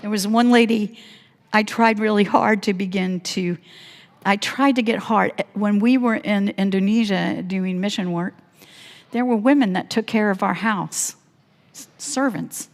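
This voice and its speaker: A woman's voice: mid-range voice, unhurried. Woman pastor in a reverberant church. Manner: animated, laughing often while telling a story. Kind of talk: storytelling sermon. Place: church sanctuary. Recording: long church hall reverb.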